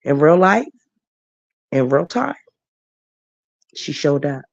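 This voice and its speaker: A woman's voice: sits low, big pitch swings, takes it slowly, creaky, no echo, highs cut off. A woman hosting a late-night livestream chat, emotional and laughing as she answers her viewers by name. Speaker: livestream host.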